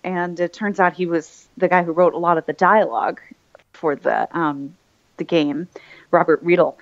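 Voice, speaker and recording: Speaking at normal speed with a lowish, fairly even delivery, this female voice actor rambles through a relaxed interview, full of fillers and restarts. The recording sounds slightly muffled and lo-fi.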